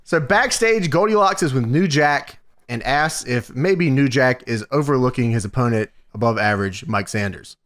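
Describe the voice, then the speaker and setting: A man's voice: mid-range voice, expressive, normal speed, a bit bright. A man co-hosting a podcast, recapping a show in laid-back, joking casual chat with some swearing. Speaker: podcast co-host.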